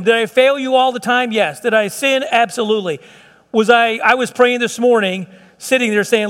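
High-voiced man preaching in a reverberant sanctuary. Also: moderate pace, a bit bright. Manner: fervent, conversational preaching with repeated phrases and restarts. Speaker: pastor. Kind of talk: sermon. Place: church sanctuary.

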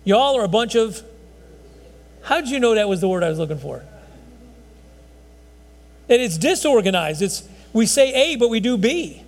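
A man's voice: high-pitched, big pitch swings, normal speed, long pauses. A man preaching a conversational sermon in a folksy, rambling way, often restarting his sentences. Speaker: pastor. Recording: long hall reverb.

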